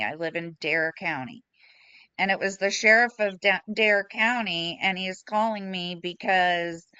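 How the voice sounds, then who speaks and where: A woman talks slowly and frankly to an online support group, telling her story with blunt emotion and a self-deprecating edge. Her voice is smooth and clear, close and dry. The video-call audio is a little dull. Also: mid-range voice, a bit bright, dry recording. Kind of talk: candid personal sharing in a group chat. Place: at home. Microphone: computer mic on a video call.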